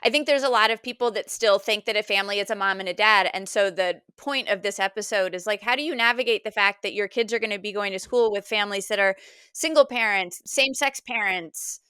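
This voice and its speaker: A woman hosts a casual podcast chat, tossing in quick asides and plenty of filler words. Her voice is bright and crisp. It sits close and dry on the mic. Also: medium pitch, no echo. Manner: chatty, quick asides and frequent "like". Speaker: podcast host.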